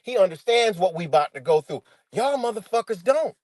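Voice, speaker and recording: Swearing man ranting to viewers, lively pitch. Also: a little fast, dry recording. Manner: animated, swearing, addresses viewers as y'all. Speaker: livestreamer. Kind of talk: profane livestream rant.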